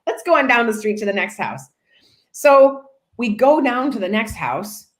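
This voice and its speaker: A real estate agent with a fairly high-pitched voice and moderate pace shares a comical job anecdote on a podcast. Her storytelling is casual, and she animatedly imitates the voices of those in it.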